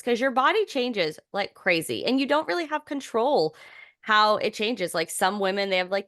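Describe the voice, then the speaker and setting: Speaking fairly quickly in a mid-range voice, a young woman co-hosts a podcast in a loose, rambling style full of fillers and restarts. She turns animated when amused, and the dry recording is studio quality.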